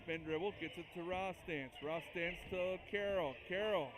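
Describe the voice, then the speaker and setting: A man doing chatty, excitable play-by-play for a school basketball game, joking with listeners between plays. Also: sits high, normal speed. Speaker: play-by-play announcer. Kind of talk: amateur basketball commentary. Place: school gym. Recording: noisy gym sound.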